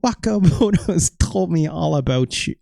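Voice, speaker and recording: A man's voice: fairly high pitch, expressive, measured pace, gravelly, dark tone, no room sound, studio quality, voice pushed up. A man voicing a veteran male wrestler in a put-on Irish accent that slides into Scottish, reading game dialogue with exaggeration. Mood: gruff. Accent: put-on Irish drifting into Scottish. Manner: exaggerated, self-mocking read of game dialogue.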